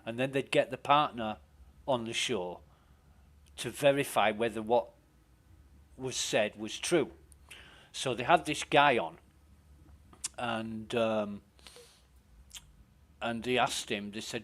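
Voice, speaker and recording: A man talks loosely on a game stream, swearing freely and restarting his sentences. His voice sits at an ordinary pitch for a man, with no strain. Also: slow, long pauses, fairly bright tone. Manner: rambling, sweary, self-interrupting. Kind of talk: casual stream chat.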